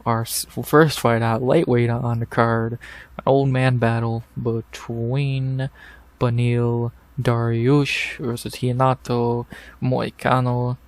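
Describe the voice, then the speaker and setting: A man's voice: mid-range voice, little pitch movement, slow, no room sound. A man hosting a casual fight recap, blunt and profane, ranting in exasperation into a desk microphone. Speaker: MMA podcast host.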